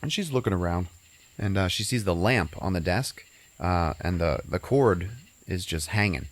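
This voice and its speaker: Deep-voiced man casually recapping a movie. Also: expressive, normal speed. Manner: rambling, full of fillers. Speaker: podcast host.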